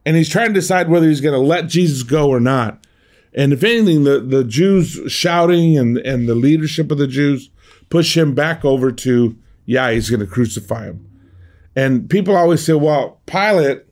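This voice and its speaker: A man's voice: on the high side, animated, normal speed, darkish tone. A middle-aged man giving an earnest sermon as a pastor, often restarting and repeating words as he goes.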